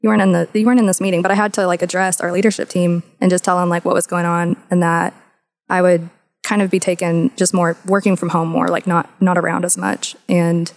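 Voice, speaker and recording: A woman's voice: fairly low pitch, flat delivery, a little fast. Woman telling candid personal stories. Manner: candid storytelling, laughs easily, many "like" fillers. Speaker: podcast co-host. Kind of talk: casual discussion.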